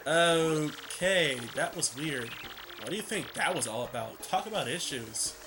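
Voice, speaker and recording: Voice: medium pitch, expressive, unhurried. A person casually commentating on a video game playthrough, with wry offhand remarks. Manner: offhand, wry, reads text aloud. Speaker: gameplay commentator. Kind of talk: casual let's-play commentary. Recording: game music playing behind.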